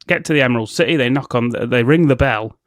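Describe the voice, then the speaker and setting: A man co-hosting a podcast, retelling film scenes in casual chat and slipping into quick character impressions, laughing often. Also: mid-range voice, no echo, clean studio sound. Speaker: podcast co-host.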